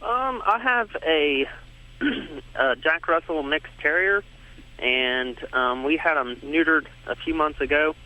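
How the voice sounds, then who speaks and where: A man calling in to a radio show, speaking in a hesitant, halting way. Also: a little high, pushed and bright. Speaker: caller. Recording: dull lo-fi phone line.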